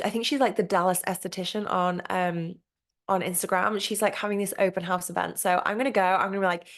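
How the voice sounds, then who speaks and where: A woman hosting her own podcast in a casual solo monologue. She talks candidly and gushingly, swears freely and fills her speech with "like" and "um". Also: mid-range voice. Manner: chatty with frequent "like" and "um" fillers. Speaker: podcast host.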